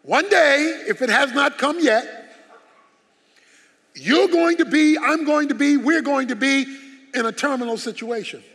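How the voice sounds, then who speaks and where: A man's voice: very high-pitched, a little slow, long pauses, fairly bright tone. A man preaching a sermon as pastor, emphatic and full of rhetorical questions. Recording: long hall reverb.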